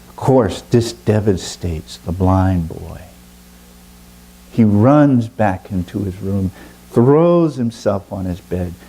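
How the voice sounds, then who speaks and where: A man telling a folk tale aloud with slow, drawn-out, dramatic pauses. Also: fairly low pitch, expressive, dark tone, a little hiss or hum, poor audio. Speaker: storyteller. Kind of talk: oral storytelling.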